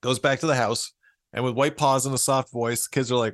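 A man in a casual podcast chat, retelling an old fairy tale with frequent amused laughs. His voice sits at an ordinary middle pitch, and the recording is dry and close, with no room sound. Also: steady tone, a little fast, dry recording. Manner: amused, laughs often while reading. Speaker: podcast co-host.

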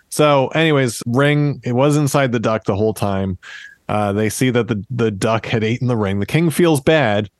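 A man in his thirties hosts a podcast and casually retells a fairy tale, tossing in jokey asides and laughing along the way. His voice is medium-pitched at a normal speed, and the recording is dry.

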